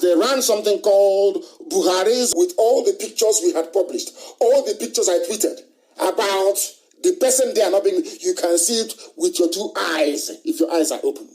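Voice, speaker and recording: A man's voice: a little high, warm tone, poor audio. A middle-aged man giving an impassioned live radio monologue, hammering his points with repeated rhetorical questions and declarations. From Nigeria. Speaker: broadcaster.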